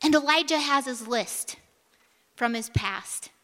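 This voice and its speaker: A woman preaches in a high, bright voice that carries a long hall echo. She tells the story vividly, acts out the dialogue and drops to a near whisper for emphasis. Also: slow. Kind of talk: sermon.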